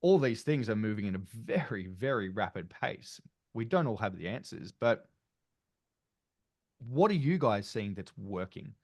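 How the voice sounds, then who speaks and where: An Australian man hosts a casual online panel, his voice sitting fairly low. He talks in a loose, rambling way full of fillers and restarts. The sound is dry and close, as on a video call. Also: animated, measured pace, dry recording. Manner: chatty, rambling with many fillers. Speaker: panel host.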